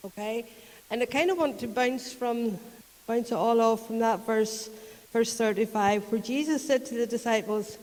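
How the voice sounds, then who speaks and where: A woman's voice: fairly high pitch, normal speed, darkish tone, big-room sound, poor audio. A woman with a Northern Irish accent preaching a conversational sermon, retelling a story in a chatty way and often laughing. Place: church.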